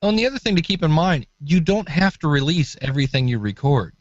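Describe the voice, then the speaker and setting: A man's voice: a little high, fast talker, no echo, dull audio. A man co-hosting a podcast advice show, chatty and demonstrating vocal inflection. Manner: lively, demonstrates voices, chuckles. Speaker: co-host. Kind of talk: casual advice chat.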